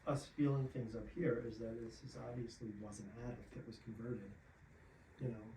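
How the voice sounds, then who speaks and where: A man's voice: medium pitch, steady tone, a little fast. Hesitant man in an echoey attic. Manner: thoughtful, hesitant, searching for words. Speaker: paranormal investigator leading the walk-through. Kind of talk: casual investigation chat. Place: attic room in a house. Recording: roomy echo, loud background noise.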